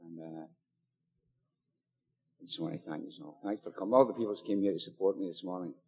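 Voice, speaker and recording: An older Scottish man from near Glasgow speaks at an AA meeting, telling his recovery story in a chatty, joking way full of fillers and asides. His voice is deep, a little fast, and breathy at the edges. It's a dull live recording in a meeting hall with an audience and a long echo.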